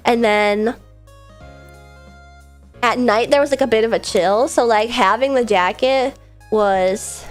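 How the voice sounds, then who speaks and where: A woman's voice: fairly high pitch, slow pace, long pauses, faint music behind. A young woman streaming casually, rambling about her day and answering chat messages as they come in. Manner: rambling, chatty, reads chat aloud and answers it. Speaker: VTuber streamer.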